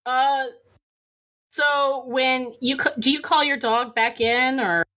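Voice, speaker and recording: A woman's voice: high voice, slow pace, bright, forceful tone. A woman running a tabletop game as game master, narrating loosely with lots of fillers and frequent giggles.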